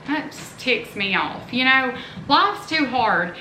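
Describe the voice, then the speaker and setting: A middle-aged mother who runs a family vlog chats casually and earnestly to her audience, drifting into rambling asides. Her high-pitched voice is pushed and bright with lively intonation, and she speaks slowly. The recording has a roomy echo and faint background noise.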